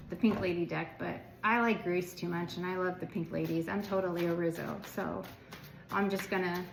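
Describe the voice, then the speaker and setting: Her voice is lowish and creaky as she chats her way through a loose, rambling tarot reading for viewers, peppered with filler words. She's from the United States, and the recording picks up room echo plus background noise.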